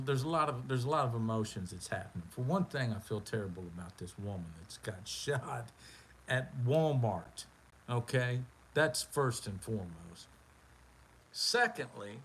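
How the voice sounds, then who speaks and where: A man telling a rambling, animated story on a livestream. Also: mid-range voice, a little slow, slight background noise. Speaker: livestream host. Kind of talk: casual storytelling.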